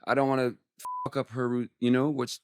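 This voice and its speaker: A man's voice: mid-range voice, level tone, fairly quick, smooth, no room sound, studio quality. A man in his forties, a musician guest on an interview podcast, telling a personal story candidly and emotionally, with some swearing.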